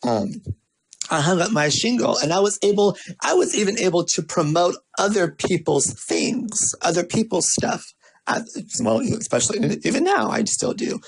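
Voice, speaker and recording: A man with a fairly high voice delivers a motivational marketing talk. He tells stories, repeats his points for emphasis and throws in playful asides. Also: normal speed, creaky, slight background noise, poor audio. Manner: lively, repetitive, storytelling delivery with playful asides. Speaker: marketing speaker.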